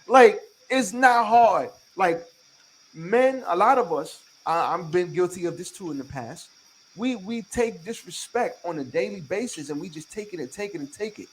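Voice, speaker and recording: A man's voice: sits high, big pitch swings, moderate pace, slight background noise, poor audio. A man hosting a podcast in casual chat, talking emphatically with a lot of profanity and repeating his points to lecture his listeners. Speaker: podcast host.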